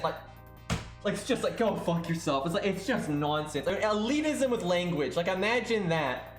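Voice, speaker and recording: A man's voice: on the high side, fairly quick. A man streaming live, ranting in a casual, exasperated way and swearing freely. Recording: roomy sound with faint music.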